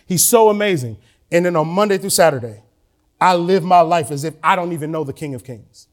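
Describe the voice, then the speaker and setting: A man preaching a sermon to his church, moving between relaxed asides and rising emotional emphasis. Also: on the high side. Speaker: pastor. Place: church sanctuary.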